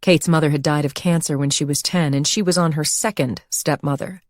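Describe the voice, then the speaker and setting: A woman reading a thriller audiobook as narrator, in an even, measured storytelling manner. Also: low-pitched, no room sound, studio quality. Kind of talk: scripted narration.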